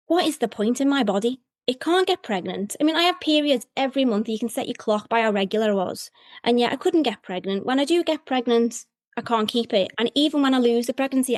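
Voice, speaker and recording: A woman, candidly retelling a painful personal story as an interview guest, with frequent fillers and pauses. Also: a little high, darkish tone, dry recording, studio quality. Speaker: guest sharing her fertility story.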